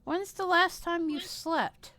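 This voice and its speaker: A woman's voice: very high voice, slow pace, pushed and bright, no echo. A woman playing a tabletop game, teasing the others. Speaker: player.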